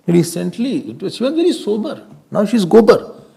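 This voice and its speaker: A man giving a spiritual discourse as a swami, animated and laughing often as he acts out everyday scenes. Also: high voice, a little fast, gravelly, breathy edge. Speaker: swami giving a scripture talk.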